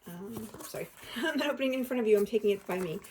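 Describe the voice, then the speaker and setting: A woman's voice: a little high, animated, very fast, darkish tone, slight background noise. Chatty, giggly woman host. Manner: chatty and giggly, thinking aloud. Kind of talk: casual unboxing chat.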